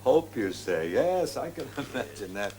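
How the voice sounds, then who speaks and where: An American man in his seventies, hosting, with a relaxed, wry, chuckling delivery in scripted comedy banter. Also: medium pitch, measured pace, a little hiss or hum. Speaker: show host.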